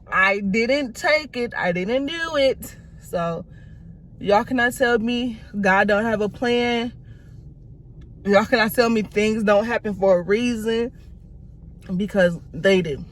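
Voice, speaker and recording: A young woman vlogs from inside a car and talks straight to her viewers. She tells the story in a blunt, lively way and swears often. A faint vehicle hum stays under her voice. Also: medium pitch, slow pace. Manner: blunt, profane, animated storytelling. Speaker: vlogger. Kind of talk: casual talk to camera.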